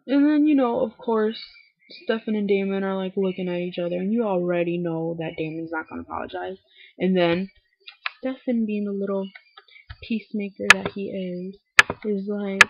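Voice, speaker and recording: A young woman talks through an episode recap in loose, chatty bursts, full of "like"s and swears, a little low on energy as if unwell. Her voice is gravelly and husky. It sounds dull and lo-fi, close and dry on a webcam mic. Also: fairly even intonation, normal speed, no room sound. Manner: talkative, many "like"s, swears freely, acts out lines in quotes.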